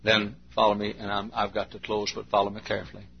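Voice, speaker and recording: A man's voice: lowish voice, completely flat delivery, fast, vocal fry, slightly rough. A man preaching a sermon in a folksy storytelling way, acting out little scenes. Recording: dull lo-fi recording with faint hum.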